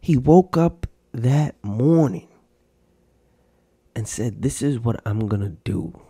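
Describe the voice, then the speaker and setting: A man's voice: medium pitch, lively intonation, takes it slowly, mellow, husky, dry recording. A man hosting a podcast in casual, profane chat, laughing in disbelief as he talks. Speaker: podcast host.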